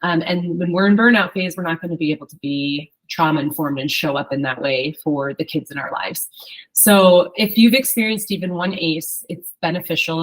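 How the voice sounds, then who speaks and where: A woman's voice: sits low, low-quality recording. A woman social worker presenting tips in a training session.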